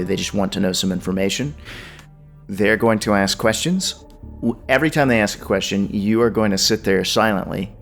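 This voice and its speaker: A steady, reassuring defense lawyer, voiced by a man in a tabletop game, talking with measured calm. His voice sits somewhat low, and faint music plays underneath. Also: gravelly.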